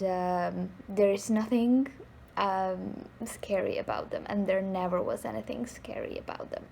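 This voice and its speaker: Hesitant slow-spoken woman from Poland. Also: mid-range voice, slight background noise. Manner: hesitant, many fillers, rising question inflection. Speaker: guest telling stories. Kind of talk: casual storytelling to camera.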